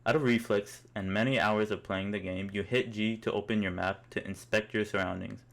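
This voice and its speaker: A man's voice: on the low side, steady tone, brisk, vocal fry. A young man narrating a comic story in the second person, in an amused, mock-epic way.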